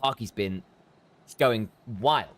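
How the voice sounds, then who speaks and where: A man's voice: fairly low pitch, slow pace, a bit bright. A man casually chatting with viewers while he plays and streams a game. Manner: chatty, talks to viewers between game actions. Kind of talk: casual chat while gaming.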